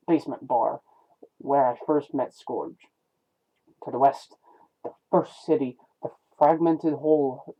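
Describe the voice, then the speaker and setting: A man reading as Cyclonus, solemn robot warrior. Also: a little high. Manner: solemn, slow, stumbling over names. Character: weary male robot warrior reflecting alone. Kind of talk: comic read aloud. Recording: tinny phone-like lo-fi sound.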